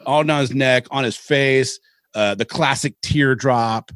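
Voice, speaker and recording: A man's voice: mid-range voice, a little slow, no room sound. Middle-aged man from Seattle, rambling anecdotes. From Seattle, Washington. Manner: rambling, animated anecdotes with casual swearing. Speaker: podcast co-host. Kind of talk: casual storytelling chat.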